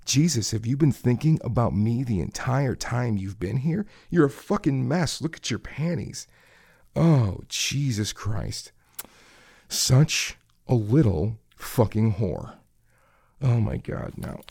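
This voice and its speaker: A man playing a domineering, crude male kitchen coworker in an adult audio role-play, taunting and commanding in a husky voice with breathy asides. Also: medium pitch, mellow, no echo, clean studio sound, heavily acted.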